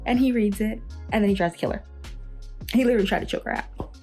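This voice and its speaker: A woman's voice: mid-range voice, quick pace, warm tone, faint music behind. A young woman vlogging casually about a book, reacting dramatically and in disbelief to the plot. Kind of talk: casual chat.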